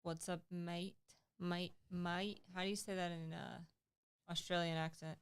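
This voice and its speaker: A woman's voice: lowish voice, level tone, normal speed, clear, resonant tone. A woman co-hosting a casual livestream, chatting playfully and making joking asides. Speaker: livestream co-host. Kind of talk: casual chat.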